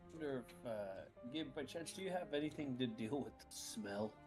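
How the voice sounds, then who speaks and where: A man's voice: medium pitch, animated, fairly quick, music in the background. A man chatting as a player in a tabletop game, hesitant and chatty. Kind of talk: casual play chat.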